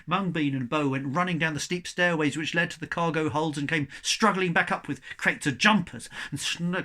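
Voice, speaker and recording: A man reading a children's novel aloud to young pupils, with a chatty, expressive manner. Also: on the high side.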